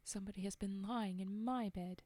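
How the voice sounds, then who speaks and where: A woman voicing a middle-sized mother bear with an even, plain manner in a whispered role-play for a storybook reading. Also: mid-range voice, moderate pace, no room sound, natural voice. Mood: puzzled.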